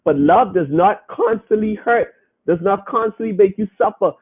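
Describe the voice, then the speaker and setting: A man's voice: high-pitched, lively intonation, moderate pace, breathy edge, narrow, tinny audio. A man hosting a podcast, preaching emphatically and repeating his points as he reads comments from the chat.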